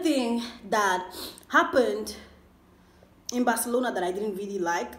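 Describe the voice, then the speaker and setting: A woman's voice: medium pitch, a little slow, a bit bright. Twenty-something woman vlogging, rambly storytime chat, echoey room. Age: 20s. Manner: rambling, chatty, full of fillers. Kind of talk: casual mukbang storytime chat.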